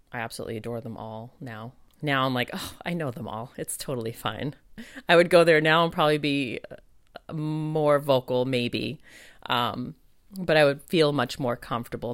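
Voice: mid-range voice, dry recording, studio quality. An adult podcast host and psychic medium in a casual monologue, chatty and full of fillers, acting out their own past thoughts.

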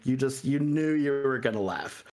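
A man co-hosting a podcast, chatting casually in halting sentences that repeat words. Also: mid-range voice, darkish tone. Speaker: podcast co-host. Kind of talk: casual chat.

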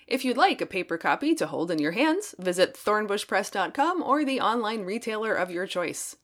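A woman author and podcast host reading her own fiction in a measured, careful scripted narration. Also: medium pitch, a bit bright, dry recording, clean studio sound. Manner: measured, careful storytelling delivery.

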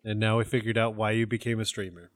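A man's voice: on the low side, flat delivery, quick pace, no echo, clean studio sound. A man co-hosting a podcast, chatting in a wry, thoughtful way. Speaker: podcast co-host. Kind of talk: casual chat.

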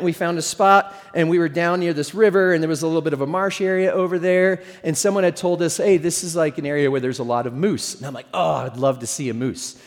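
A middle-aged man preaching a sermon as pastor, telling stories in a conversational, humorous way. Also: sits high. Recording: long hall reverb.

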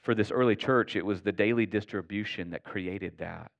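A man's voice: lowish voice, moderate pace, vocal fry, muffled recording. A man who is a pastor, preaching a sermon in an earnest, conversational way and often checking in with the congregation.

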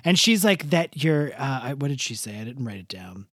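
A woman's voice: extremely low pitch, brisk, slightly rough, no room sound, studio quality. A woman co-hosting a podcast in casual chat, emphatic and blunt, swearing freely as she talks. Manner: profane, emphatic, animated. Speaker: podcast co-host.

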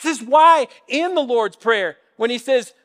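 A high-voiced man preaches with animated energy, stumbling over repeated words as he works toward each point and slipping into the voices he quotes. His sermon rings with the long reverb of a church hall. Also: measured pace. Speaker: pastor. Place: church sanctuary.

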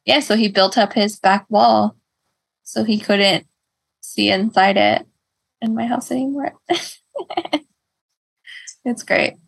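A woman's voice: mid-range voice, slow pace, vocal fry, long pauses. A woman co-hosting a podcast, chatting casually, telling stories and laughing often. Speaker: podcast co-host. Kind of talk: casual chat.

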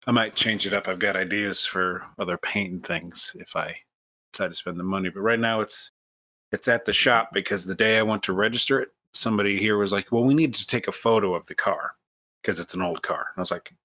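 A man's voice: on the low side, fairly quick, bright, forceful tone. A man from the United States hosting a podcast, telling a long, self-mocking story in a casual way with many restarts. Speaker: podcast host.

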